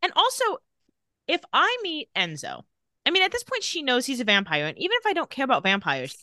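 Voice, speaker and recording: A woman's voice: huge pitch swings, fairly quick, sharp tone, dry recording, clean studio sound. A woman co-hosting a podcast, casually recapping a TV episode and acting out the characters' lines. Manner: reads out scene lines, acting them with big pitch jumps. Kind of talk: casual chat.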